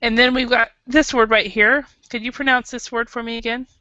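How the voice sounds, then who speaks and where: American lady teacher explaining words, bright voice, dry dull lo-fi sound. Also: a little high, steady tone, brisk, a little hiss or hum. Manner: hesitant, many fillers and restarts, patient explaining. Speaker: English teacher. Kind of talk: classroom teaching. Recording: dull lo-fi classroom recording.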